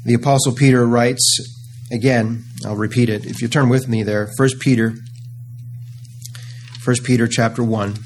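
Guy preaching a sermon, earnest, leans hard on key words, mid-pitched voice, a bit of faint hiss behind. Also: fairly even intonation. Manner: earnest and emphatic, slowing on key phrases.

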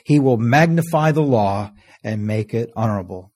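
A man preaching a sermon, earnest, reading scripture slowly and letting phrase ends fall soft. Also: mid-range voice, animated, slightly rough. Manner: earnest, often trailing off softly at phrase ends; reads scripture in slow, stressed King James cadence.

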